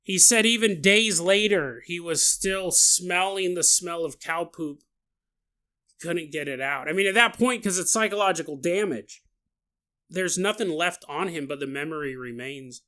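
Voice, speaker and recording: A man hosting a podcast, retelling a story in a casual, animated way with joking asides. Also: fairly high pitch, measured pace. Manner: animated, jokey, laughs at own asides. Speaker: podcast host.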